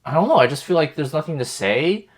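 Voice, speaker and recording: A man's voice: a little high, lively intonation, quick pace. A young man co-hosting a podcast, talking casually and rambling with many fillers and restarts. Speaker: podcast co-host. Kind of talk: casual group chat.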